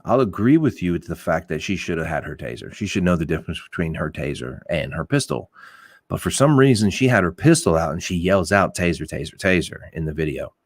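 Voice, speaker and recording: Middle-aged male podcast host, very low voice, blunt and rambling, swears freely, dry close recording. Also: big pitch swings, brisk, dry recording. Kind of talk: casual opinionated talk.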